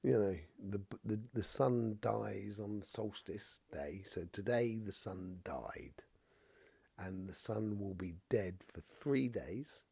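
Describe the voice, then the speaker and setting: Man, husky, mellow tone, coughing and stuffy, rambling live-stream chat. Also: on the low side, lively intonation, takes it slowly, no echo. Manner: rambling, full of "you know" asides. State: has a cough and blocked nose. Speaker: spiritual reader hosting a live stream. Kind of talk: casual live-stream chat, reading viewer comments.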